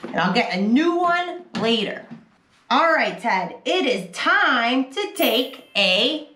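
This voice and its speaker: Slow, sing-song woman teaching toddlers. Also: on the high side, big pitch swings. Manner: gentle and encouraging. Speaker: early childhood educator. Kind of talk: toddler teaching video narration.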